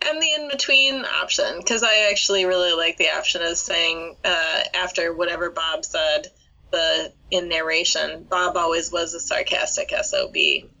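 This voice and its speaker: A woman's voice: lowish voice, expressive, moderate pace, pushed and bright, low-quality recording. A woman co-hosting a casual chat about writing, thoughtful and hesitant with fillers, reading out listener replies. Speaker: podcast co-host.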